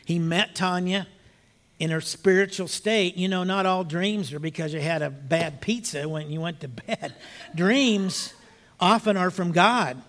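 An older man preaching a sermon, telling a story in a hushed voice and rising to emphatic appeals. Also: sits high, a little slow. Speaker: pastor.

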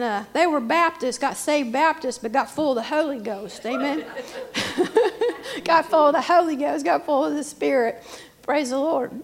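Fervent high-voiced woman preaching. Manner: fervent, rising to shouted praise, interjecting amen and hallelujah. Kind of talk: sermon testimony.

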